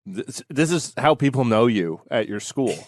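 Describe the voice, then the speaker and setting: A man's voice: mid-range voice, animated, moderate pace, darkish tone, no echo, clean studio sound. A man co-hosting a podcast in casual chat, teasing the others and steering the talk. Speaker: podcast co-host.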